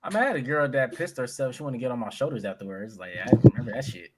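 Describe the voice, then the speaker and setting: A man's voice: medium pitch, lively intonation, very fast, a loud crowd. A man in his thirties, a podcast co-host, telling a story in casual, profane chat and laughing often.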